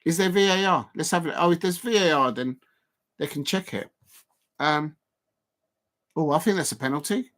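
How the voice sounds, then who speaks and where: An excitable middle-aged man gives live watch-along commentary on a football match. He talks in a loose, chatty way, reacts to the action as it happens and speaks directly to his viewers. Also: on the high side, moderate pace, long pauses. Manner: excitable, chatty, reads out chat.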